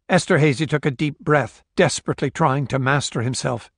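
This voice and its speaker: Steady and measured, a man narrates a novel for an audiobook from a script. His voice is medium-pitched, free of echo, and the studio sound is clean.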